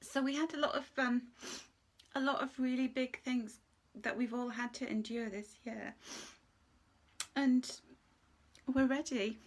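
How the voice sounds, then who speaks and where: A woman's voice: high voice, fairly even intonation, a little slow, long pauses. A woman giving a live angel card reading, talking in an emotional, gushing way and close to tears. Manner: emotional, gushing, tearful at times. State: tearful.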